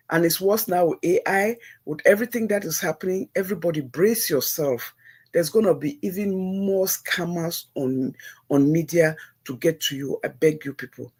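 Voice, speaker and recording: A middle-aged woman with a Nigerian accent and a low, darkish, husky voice hosts a livestream. She gives her viewers earnest, preachy, religious advice in a casual way, repeating herself for emphasis.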